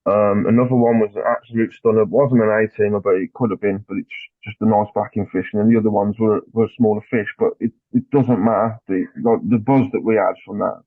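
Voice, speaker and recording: A man guest on a podcast, telling a story in casual chat, animated and swearing, acting out what people said. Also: on the low side, fairly quick, few pauses, no echo. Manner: animated, swears, acts out dialogue. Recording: dry tinny phone-like line.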